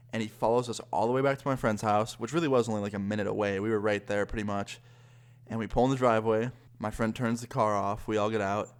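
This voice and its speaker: A man's voice: lowish voice, clear, resonant tone. A young man telling a story to camera in a casual, chatty way, full of fillers. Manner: chatty, lots of fillers like 'like'. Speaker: vlogger.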